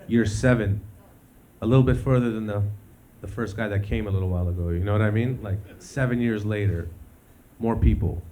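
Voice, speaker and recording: Male stand-up, high, loose, profane; low voice, noisy live room. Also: mellow. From Canada. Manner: laid-back, swears a lot, laughs at own jokes. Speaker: stand-up comedian. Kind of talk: stand-up comedy. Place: live comedy stage. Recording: live venue with audience noise.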